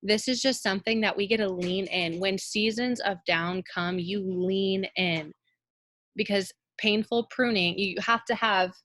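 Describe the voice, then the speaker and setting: A woman's voice: mid-range voice, unhurried, a bit bright, no echo. An emphatic woman leads her team on a motivational call. She talks in a dry, close sound and leans on repeated words for emphasis. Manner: emphatic, repeats phrases for effect. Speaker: team leader. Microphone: call audio.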